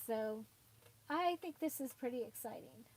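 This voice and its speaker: Chatty high-voiced woman crafting host. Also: animated, normal speed, darkish tone, a little hiss or hum. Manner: chatty, rambling, with frequent fillers and laughs. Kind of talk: casual livestream chat.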